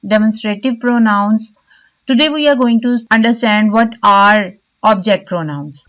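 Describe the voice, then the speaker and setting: Slow, careful woman grammar teacher. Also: on the high side, rough recording. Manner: slow, careful explanation with stressed example words. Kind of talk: online grammar lesson.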